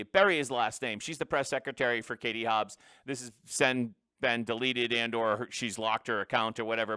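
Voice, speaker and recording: Bright, emphatic male commentary host. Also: medium pitch, dry recording, clean studio sound. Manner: emphatic, opinionated, with frequent restarts. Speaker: political commentary show host. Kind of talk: solo political commentary.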